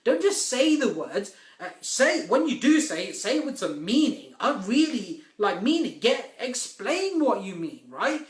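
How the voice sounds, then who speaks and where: A man's voice: very high-pitched, very animated, measured pace, hardly any pauses, roomy sound. A man giving a live-stream coaching talk on property investment, emphatic and repeating his key points.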